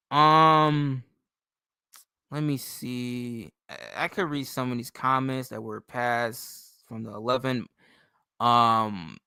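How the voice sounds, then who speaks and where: A man's voice: mid-range voice, creaky, pushed and bright, clear, resonant tone, no room sound, clean studio sound. A young man from New York State hosting a livestream in casual, rambling, profane chat. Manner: rambling, profane, loose and chatty. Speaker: livestream host.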